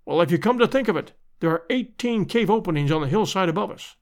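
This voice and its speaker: A man voicing a brisk, hearty aristocratic adventurer in a storybook reading. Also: high voice, lively intonation, darkish tone. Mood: eager.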